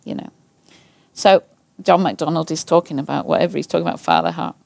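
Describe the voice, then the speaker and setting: Woman chatting about prayer, kinda fry-voiced, repeats herself, goes real quiet sometimes. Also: low-pitched, fast talker, no echo. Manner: earnest, repetitive, acts out her own anxious prayers. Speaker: Christian speaker. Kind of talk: casual personal testimony.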